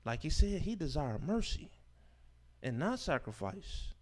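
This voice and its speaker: A man with a high voice preaches a sermon, reading verses and explaining them. His delivery swings between forceful declarations and hushed asides, slowing down to stress key words and using informal speech and rhetorical questions. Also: very animated. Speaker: teacher of a Sabbath scripture class.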